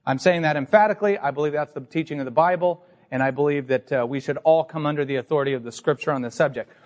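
A man's voice: fairly high pitch, fast talker, a little mellow, long reverb tail. A man pastor preaching an emphatic, teacherly sermon to his congregation in a church sanctuary.

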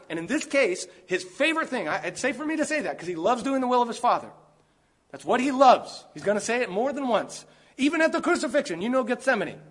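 A man's voice: sits high, fairly bright tone. A man preaching a sermon while sick, stressing his points by stacking and repeating key words.

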